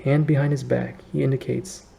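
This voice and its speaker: A man reading a historical novel aloud in a measured way, lightly voicing the characters, with faint background noise. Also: medium pitch, level tone, vocal fry, mellow, low-quality recording. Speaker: reader.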